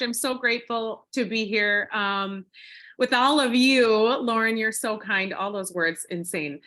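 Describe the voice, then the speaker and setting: A woman's voice: on the high side, measured pace, bright, forceful tone. A woman in her forties from Minnesota with a Minnesotan accent, telling her story in a bubbly, chatty way with many fillers and giggles. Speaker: guest speaker. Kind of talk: casual storytelling on a team call.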